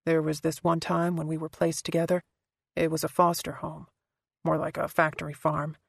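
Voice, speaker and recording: A woman reading an audiobook and voicing a guarded, quiet man who speaks in a soft, halting way. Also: flat delivery, gravelly, breathy edge, dry recording, studio quality, full character voice. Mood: subdued. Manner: soft, halting, low-key delivery. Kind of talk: audiobook character voice.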